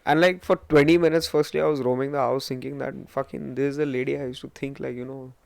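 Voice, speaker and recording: A man in his twenties with an Indian English accent hosts his own podcast, rambling through stories with plenty of swearing and a self-mocking streak. His voice sits at a middle pitch. The recording is dry and close, with no room sound. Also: flat delivery, fast, gravelly, darkish tone, dry recording. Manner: rambling, profane, self-mocking storytelling with Hindi asides. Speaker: podcast host. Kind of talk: casual solo podcast monologue.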